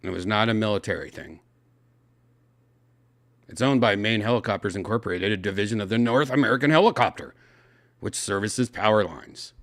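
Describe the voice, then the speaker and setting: A man's voice: on the low side, brisk, long pauses, no echo. A man hosting a podcast, reading news stories aloud in a casual chat and reacting with lots of exclamations and swearing. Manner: animated, exclaiming, swearing often. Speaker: podcast host.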